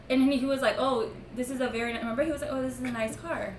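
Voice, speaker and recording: A woman with a somewhat high voice tells a story in a loose, chatty way, full of "like" and quick laughs. She sits back from the mic in an echoey room, with a faint hiss behind her. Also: fairly bright tone, far from the mic. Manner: chatty, laughs often, peppered with "like". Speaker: streamer's girlfriend telling a story. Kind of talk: casual storytime chat. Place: room at home.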